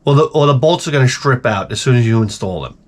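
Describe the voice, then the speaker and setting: A man telling stories in a casual, profane monologue, animated and acting out the people he quotes. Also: medium pitch, fast talker. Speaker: video creator.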